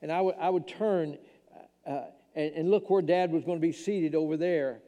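A man's voice: fairly high pitch, normal speed, warm tone, lo-fi sound. An older man from Tennessee, earnestly and emotionally telling a personal testimony in a church talk. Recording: long hall reverb.

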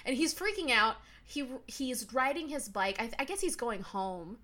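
A woman's voice: high-pitched, very animated, normal speed, pushed and bright. A woman in a casual podcast chat about a film, laughing often and acting out the characters' lines. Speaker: podcast co-host.

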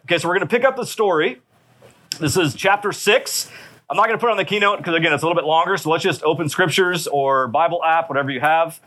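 A man's voice: on the high side, fairly bright tone. A man preaching a sermon in a conversational way, often checking in with his listeners. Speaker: pastor.

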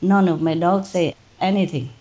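A woman, a spiritual teacher, telling a story to her disciples in an animated, informal way, laughing often. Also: on the low side, normal speed.

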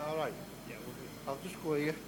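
A man, talking fast in a chatty, joking way as a guest preacher at a church carol service. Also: fairly high pitch, fairly even intonation, background noise. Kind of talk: sermon-style personal testimony. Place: church carol service before a live congregation. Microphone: handheld microphone.

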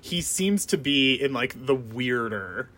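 A man co-hosting a casual podcast, sharing his take on a film in a relaxed, rambling way and often laughing. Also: mid-range voice, takes it slowly. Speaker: podcast co-host.

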